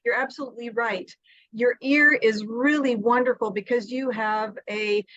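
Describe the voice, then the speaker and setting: Casting: enthusiastic woman host, fairly high voice, dry and slightly muffled call sound. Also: fairly bright tone, no room sound. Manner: effusive and enthusiastic. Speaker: interview host. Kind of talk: casual interview chat.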